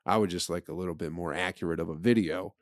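Host: man, low voice, dry close mic, swearing and riffing loosely through a solo comedy bit. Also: fast talker, no echo. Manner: profane, rambling, riffing. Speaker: podcast host. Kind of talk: casual comedy podcast monologue.

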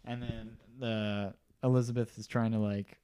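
A man's voice: fairly low pitch, little pitch movement, normal speed, warm tone, smooth. A man casually rambling through a movie recap as a podcast co-host, checking his notes and laughing often.

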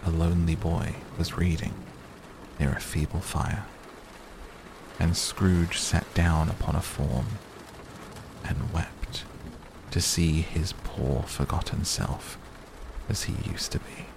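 A man narrating an audiobook as a calm, slow sleep-story reading. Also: sits low, vocal fry, noisy background. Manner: slow and soothing. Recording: steady rain sounds behind.

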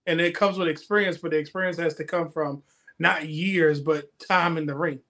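A man on a podcast making an emphatic point with rapid-fire repetition. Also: a little high, fairly even intonation, fairly bright tone. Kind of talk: casual wrestling chat.

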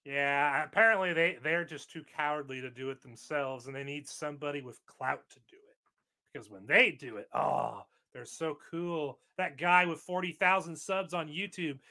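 A man's voice: on the high side, normal speed, bright, forceful tone. A man chatting casually, joking and laughing often with sarcastic asides. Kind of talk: casual conversation.

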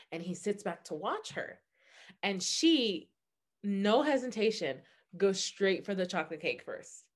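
A woman co-hosting a podcast, chatting casually and gushing animatedly as she retells things, with quick side notes. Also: lowish voice. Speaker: podcast co-host. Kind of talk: casual book chat.

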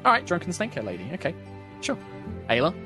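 A man's voice: a little high, huge pitch swings, quick pace, over music. A man narrating as the game master of a tabletop game, chatty and laughing often.

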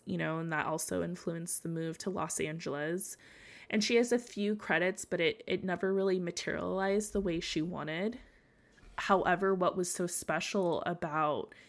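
A young woman, sick, hosting a casual solo podcast and gushing emotionally with lots of "like" and "um". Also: low-pitched. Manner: gushing and emotional, heavy use of "like" and "um". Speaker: podcast host.

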